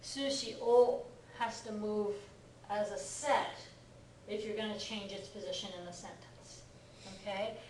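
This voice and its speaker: A woman teaching Japanese grammar has a steady, darkish, mid-range voice and speaks a little slowly. She patiently makes sure her class follows, often saying "right?" and "okay?", in an echoey classroom recorded from far off with a little hiss or hum.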